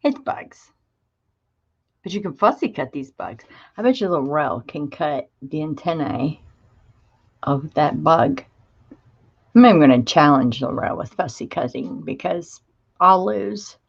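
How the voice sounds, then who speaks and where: Chatty woman crafter, slow and lively. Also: low-pitched, gravelly, husky, dull audio. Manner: chatty, greets viewers by name, gushing. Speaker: crafting livestream host. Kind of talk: casual live chat while showing craft supplies.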